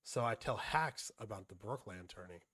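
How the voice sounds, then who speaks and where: A man's voice: on the low side, lively intonation, normal speed, fairly bright tone. A young man casually telling a rambling, profane story and acting out his friends' lines.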